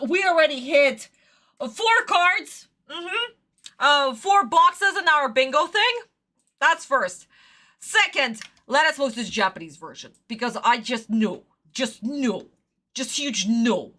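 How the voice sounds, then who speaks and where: Exasperated woman streamer, lively pitch. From Russia. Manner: exasperated, swearing, dramatic. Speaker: anime reaction streamer. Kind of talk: ranting livestream reaction.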